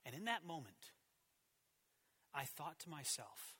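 A man in his thirties preaching a sermon in a church, telling a personal story with animated swings between loud and hushed delivery. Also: medium pitch, a little fast. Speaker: pastor.

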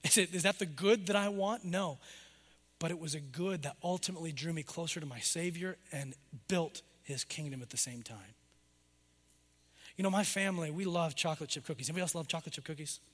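A middle-aged man preaching a sermon, rising for emphasis and then dropping low and soft. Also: brisk, big-room sound. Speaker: pastor.

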